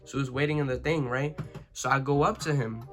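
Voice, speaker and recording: A young man tells a story about school in a loose, rambling way, swearing freely and checking in with his listeners. His voice sits at an ordinary middle pitch for a man. A soft guitar track plays faintly behind him. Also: fairly even intonation, brisk. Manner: rambling, profane, full of "you know what I'm saying". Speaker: vlogger. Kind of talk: casual storytime.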